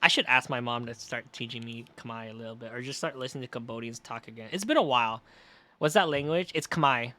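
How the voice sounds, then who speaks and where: A man's voice: medium pitch, fast, sharp tone. A young man chatting casually on a game stream at home, rambling and swearing with lots of fillers. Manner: rambling, profane, with many fillers and restarts. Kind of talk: casual gaming stream chat.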